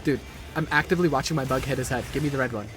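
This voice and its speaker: A man's voice: medium pitch, very fast, over music. A young man streaming a live game, ranting and swearing at a boss with repeated frustrated outbursts. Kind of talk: live gameplay commentary.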